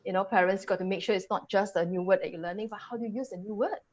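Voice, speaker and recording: A Singaporean woman coaches English pronunciation over a video call, animated and quick to laugh as she drills each vowel aloud. Her voice sits at a middling pitch. The call audio is dull and lo-fi. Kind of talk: webinar teaching, demonstrating sounds.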